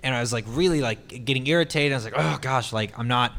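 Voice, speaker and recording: Man, mid-pitched, easygoing panel talk, hall reverb. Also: fast talker. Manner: relaxed, hesitant with fillers. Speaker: voice actor panelist. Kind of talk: convention panel storytelling.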